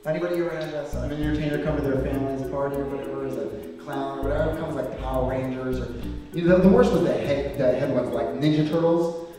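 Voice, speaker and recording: A man's voice: medium pitch, fairly even intonation, fast talker, music in the background. A man doing stand-up comedy, telling an anecdote with lots of fillers on a club stage. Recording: echoey hall, distant mic, audience.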